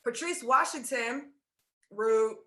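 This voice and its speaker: A woman faith coach telling stories in a casual interview, animated and laughing, acting out dialogue. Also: on the high side, slow pace, echoey room. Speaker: podcast guest, faith coach.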